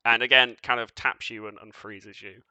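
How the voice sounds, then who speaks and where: A man's voice: medium pitch, fairly even intonation, normal speed, pushed and bright, smooth, no room sound. A man narrating as game master of a tabletop game, casual and loose, with fillers and chuckles.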